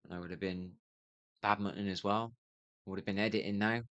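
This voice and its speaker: A worn-out gaming streamer in his fifties rambles to himself, yawning and muttering. His voice sits deep and low, and the sound is dry and close, with no room around it. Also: fairly even intonation, brisk, fairly bright tone, no room sound, highs cut off. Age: 50s. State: tired, yawning. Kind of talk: rambling livestream monologue.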